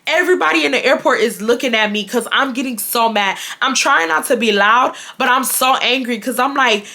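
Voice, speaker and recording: Bright, animated young woman storyteller. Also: a little high, fairly quick. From Houston, Texas. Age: 20s. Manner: animated, emphatic, addresses viewers as y'all. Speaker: YouTuber. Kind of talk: storytime vlog.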